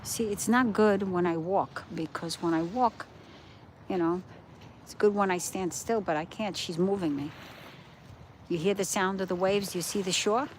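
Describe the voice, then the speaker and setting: A woman's voice: fairly low pitch, normal speed, rough recording. Woman, middle-aged, casual livestream chat, phone mic outdoors, faint background noise. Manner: chatty, points things out to viewers. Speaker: livestream host. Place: outdoors by the ocean at night. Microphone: phone held while walking.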